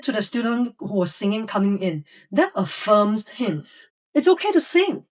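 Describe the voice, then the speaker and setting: A woman's voice: mid-range voice, very animated, moderate pace, distant mic. A woman educator telling classroom stories in a podcast interview, acting out the voices of students and teachers. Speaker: educator guest.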